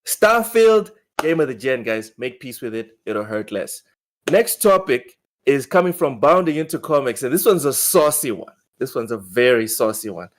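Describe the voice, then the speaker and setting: A man's voice: medium pitch, very animated, normal speed. Casual male podcast host, stammering. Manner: stammers and repeats words.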